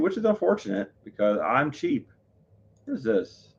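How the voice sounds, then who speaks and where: A man's voice: lowish voice, big pitch swings, a little slow, gravelly, pauses often, darkish tone, highs cut off. A man chatting casually on a live stream, rambling, full of fillers and self-corrections. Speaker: livestreamer.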